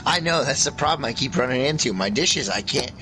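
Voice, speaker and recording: A man's voice: medium pitch, expressive, a little fast, noisy background. A young man in crude, rambling casual chat, swearing a lot and laughing often.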